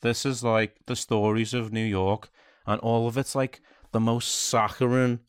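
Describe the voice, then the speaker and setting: A man co-hosting a casual podcast, blunt and sweary, retelling things quickly. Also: mid-range voice, little pitch movement, clean tone, dry recording, studio quality. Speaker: podcast co-host. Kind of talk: casual chat about video games.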